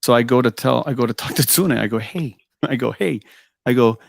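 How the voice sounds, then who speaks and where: A man's voice: mid-range voice, fast talker, gravelly, dry recording, studio quality. A man telling a musician's road stories in a casual interview, often laughing and acting out the dialogue. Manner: animated anecdotes with frequent laughs and "I go". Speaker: guest musician.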